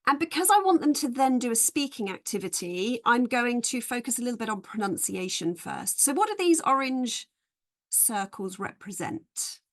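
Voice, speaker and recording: A woman leading a live webinar for teachers, explaining activities clearly and patiently, modelling stress patterns slowly. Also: a little high, very animated. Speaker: English teacher trainer.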